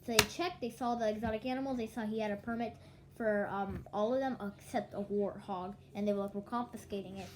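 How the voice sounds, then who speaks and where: A woman's voice: mid-range voice, fairly even intonation, a little fast, slight background noise, low-quality recording. Sleepy young woman rambling casually. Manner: rambling, restarts, quotes others in dialogue. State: yawning, sleepy. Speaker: vlogger.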